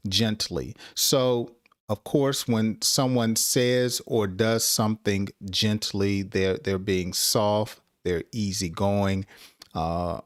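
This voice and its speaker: A man teaching an English lesson on a podcast, reading example sentences slowly and clearly, chuckling now and then at his own examples. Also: lowish voice, no room sound, studio quality.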